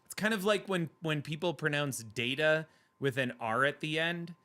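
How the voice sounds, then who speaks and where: A man's voice: fairly high pitch, lively intonation, normal speed, sharp tone. Playful, chatty streamer man. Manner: chatty, playful, laughs often. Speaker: livestream host reading chat. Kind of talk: casual chat.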